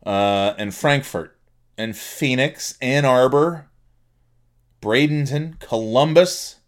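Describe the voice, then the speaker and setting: Speaking slowly at medium pitch, this male podcast host chats casually on his own, joking around while reading out the cities his listeners are from and attempting silly accents.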